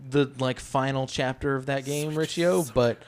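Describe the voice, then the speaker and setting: A man co-hosting a gaming podcast, adding brisk, dry remarks in casual chat. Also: medium pitch, fairly even intonation, clear, resonant tone. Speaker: podcast co-host.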